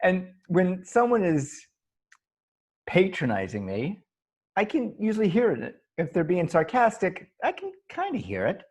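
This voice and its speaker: A man co-hosting a loose podcast conversation over a video call. His voice sits a bit high and swings widely in pitch, with a husky edge. He laughs easily and trips over his words as he thinks aloud. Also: measured pace. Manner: animated, laughs often, stumbles and restarts. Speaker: podcast co-host. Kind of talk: casual improv chat over video call. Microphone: video call mic.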